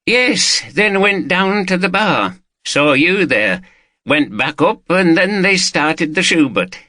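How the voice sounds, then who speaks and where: A man's voice: high-pitched, expressive, takes it slowly, sharp tone, no room sound, clean studio sound, voice pushed up, exaggerated voice. A man doing a chatty gun owner. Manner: blunt, chatty, clipped sentences. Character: gruff middle-aged Yorkshire man, proud gun owner.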